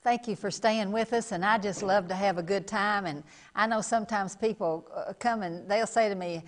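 A woman's voice: mid-range voice, moderate pace, few pauses. A middle-aged woman hosting a television program, preaching a sermon in a folksy, emphatic way and repeating phrases for stress.

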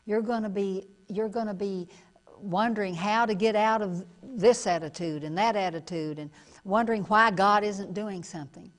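A woman's voice: mid-range voice, normal speed. A middle-aged woman hosting a television program, preaching a sermon in a folksy, emphatic way and repeating phrases for stress.

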